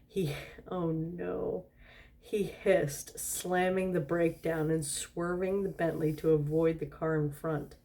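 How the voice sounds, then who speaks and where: A woman's voice: low-pitched, little pitch movement, takes it slowly, dark tone. A tipsy woman doing a storytime reading, giggling and breaking off with asides and laughter.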